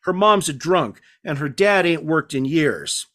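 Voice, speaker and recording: A man voicing a hulking, crude middle-aged male bully who talks in a gruff, dismissive and profane way, read aloud from a novel. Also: a little high, expressive, measured pace, sharp tone. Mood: hostile.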